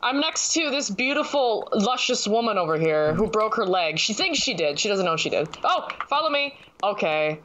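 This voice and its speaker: A woman's voice: medium pitch, sing-song, moderate pace, few pauses, a bit bright, muffled recording. A young woman joking crudely and playfully with a friend while playing a roleplay game. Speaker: game player. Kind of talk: casual voice chat while roleplaying.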